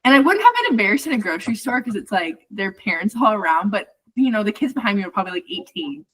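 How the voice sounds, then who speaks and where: A woman's voice: mid-range voice, very animated, quick pace, fairly bright tone, rough recording. A young woman co-hosting a podcast, telling stories in a rambling, casual way with lots of fillers. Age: young adult. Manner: rambling storytelling with many fillers. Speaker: podcast co-host. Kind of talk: casual chat.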